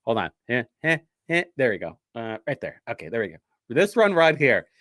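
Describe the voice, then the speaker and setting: A man's voice: medium pitch, big pitch swings, a little fast, fairly bright tone, no room sound, studio quality. A man from hosting a show, reading from documents in a casual, sarcastic, rambling way with frequent self-interruptions. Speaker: show host.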